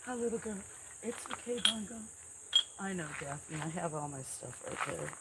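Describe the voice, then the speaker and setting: A woman hosting a casual farm livestream, softly chatting and cooing baby talk to cats, sometimes dropping to a whisper, on a camera mic. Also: lowish voice, big pitch swings, normal speed, noisy background. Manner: soft-spoken, drifts into whispers.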